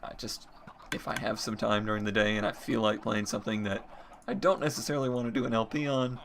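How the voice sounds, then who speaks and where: A man's voice: on the low side, flat delivery, fast talker, gravelly, fairly bright tone, slight background noise. A man giving casual gameplay commentary as he builds, thinking aloud and restarting his sentences. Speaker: Minecraft let's player.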